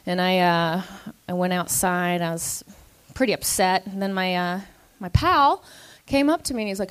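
A woman comedian telling a stand-up story in an animated, self-mocking way, acting out the people she quotes. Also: lowish voice, moderate pace, clear, resonant tone.

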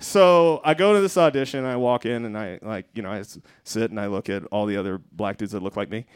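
A man telling a comedic story on a live stage, animated and profane, laughing through his own lines. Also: fairly low pitch, a little fast, smooth.

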